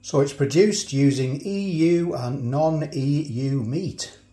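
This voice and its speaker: A man's voice: a little high, slow pace, mellow, echoey room. A man chatting casually as he cooks and tastes food in a home kitchen. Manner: chatty, talks while chewing, frequent restarts. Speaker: food reviewer. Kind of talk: casual food review vlog.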